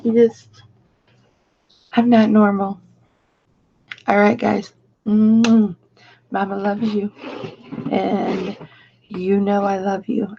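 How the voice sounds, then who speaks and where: A woman's voice: medium pitch, little pitch movement, extremely slow, vocal fry, pauses often, highs cut off, a little hiss or hum. A woman hosting a casual live stream, chatty and affectionate as she reads out viewer comments. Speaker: live-stream host and reseller.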